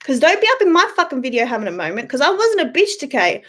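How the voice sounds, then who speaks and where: Young woman, high-pitched, live-stream host, blunt irritated ranting, frequent swearing, chats to viewers by name, home webcam sound. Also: big pitch swings, fast, pushed and bright. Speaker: YouTube livestream host. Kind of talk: casual live-stream rant.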